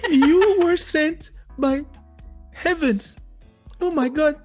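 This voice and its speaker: A man voicing a young woman, gushing in a high excited falsetto. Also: normal speed, faint music behind.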